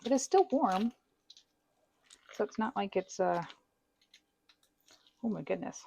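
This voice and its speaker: Her mid-range voice is slow, creaky and mellow, with lively intonation. She's a home baker who chats, jokes at her own expense and laughs a lot while decorating a cake, recorded via wireless mic with slight background noise.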